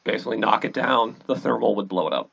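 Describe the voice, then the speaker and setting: A man running a tabletop game as game master, explaining rules and scenes in a relaxed, hesitant way with many fillers. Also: on the low side, fast talker, creaky, breathy edge, poor audio.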